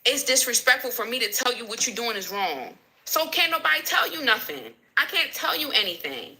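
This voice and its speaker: A woman's voice: fairly high pitch, big pitch swings, a little fast, sharp tone, rough recording. A woman hosting a casual livestream, speaking candidly and emotionally and answering viewers as she vents about her marriage. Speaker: livestream host.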